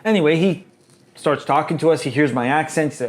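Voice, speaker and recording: A man in his thirties from Ontario, Canada, talks in a casual podcast chat. His voice sits a little high for a man. He tells his story with energy and acts out the other people's lines. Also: brisk. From Canada, Ontario (Markham). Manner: animated storyteller, acts out quoted dialogue. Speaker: podcast co-host, realtor.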